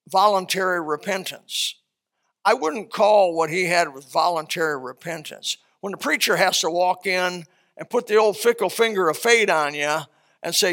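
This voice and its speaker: Male preacher, sermon, lively storytelling, high pitch, bright tone. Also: moderate pace. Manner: animated, conversational storytelling.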